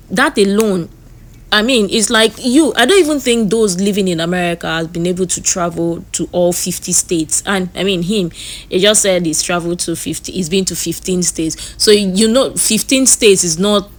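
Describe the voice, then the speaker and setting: A woman hosting a reaction video, talking earnestly and rambling, often repeating herself. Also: mid-range voice. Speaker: reaction channel host. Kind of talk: casual reaction commentary.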